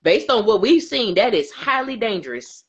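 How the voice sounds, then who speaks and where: A woman co-hosting a casual aftershow chat, animated and emphatic, who often laughs mid-sentence. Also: fairly high pitch, moderate pace, breathy edge, muffled recording. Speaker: co-host.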